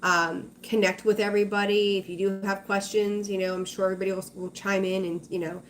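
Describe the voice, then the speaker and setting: A woman's voice: mid-range voice, little pitch movement, brisk, a little hiss or hum. Chatty woman hosting a tarot livestream. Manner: chatty, reassuring, reads out viewer names. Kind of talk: casual livestream chat.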